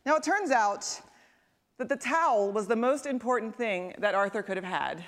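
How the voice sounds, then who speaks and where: A woman preaching a sermon in a chatty, conversational way. She asks her listeners questions and waits for their answers. She often drops into a soft, hushed tone to drive a point home. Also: fairly high pitch, expressive, normal speed. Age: adult parent. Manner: drops to a soft, quiet tone for emphasis. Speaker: pastor.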